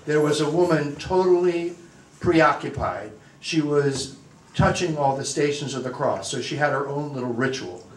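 A man, a priest, telling a self-deprecating funny story to a parish group in a lively, anecdotal way. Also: on the high side, moderate pace. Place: church or parish hall. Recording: echoey, distant mic, faint room noise.

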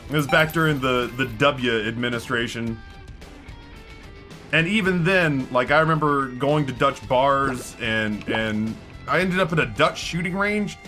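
An American man streaming, chatting casually with his viewers in a rambling way, often stopping and restarting his sentences. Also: medium pitch. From United States. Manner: rambling, self-interrupting with many restarts.

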